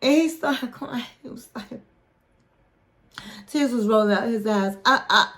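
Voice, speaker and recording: A woman with a fairly high voice hosts her own online channel, recapping a reality show in a loose, chatty way. She talks with a playful, animated delivery and stretches out her flourishes. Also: a little slow. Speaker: YouTube host reviewing a reality show.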